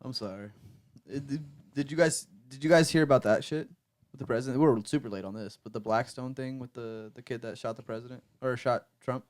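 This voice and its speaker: A man's voice: medium pitch, a little fast. Rambling young man on a podcast. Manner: loose and rambling, says dude and bro. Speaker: podcast co-host. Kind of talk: casual chat.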